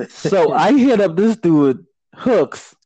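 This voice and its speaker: A man's voice: sits high, big pitch swings, drawn-out words, warm tone, slightly rough, no room sound. A young man in casual chat telling a story in a laid-back, rambling way, laughing often. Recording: dull lo-fi dry sound.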